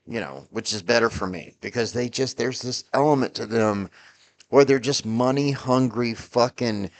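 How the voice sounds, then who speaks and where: A man's voice: mid-range voice, a bit bright. A middle-aged man vlogging a heated, profane political rant, rambling and restarting his sentences often. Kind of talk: ranting political commentary.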